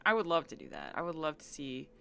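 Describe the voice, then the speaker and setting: A woman's voice: sits low, huge pitch swings, fast, gravelly, sharp tone, smooth. A woman from the United States chatting casually with viewers on a live stream, bubbly and giggly as she reads chat aloud and riffs on it. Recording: faint game music behind.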